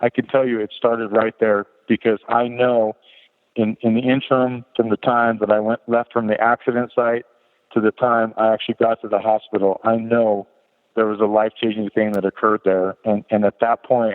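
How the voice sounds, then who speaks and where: On a podcast, a middle-aged guest recounts a personal story in a low, level voice at normal speed. His telling is candid and meandering, with frequent restarts, over a tinny phone line with long reverb.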